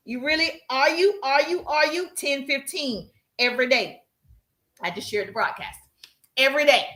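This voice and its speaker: Woman live-stream coach, high bright voice, emphatic and repetitive, in an echoey room. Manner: emphatic, repetitive, calls viewers "baby" and "pretty people", acts out viewers' voices. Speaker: social media coach hosting a live stream. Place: livestream while working out.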